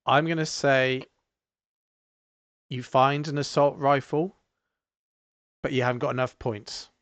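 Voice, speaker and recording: A man running a tabletop game as game master, narrating in an unhurried, matter-of-fact way. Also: mid-range voice, fairly even intonation, a bit bright, no room sound.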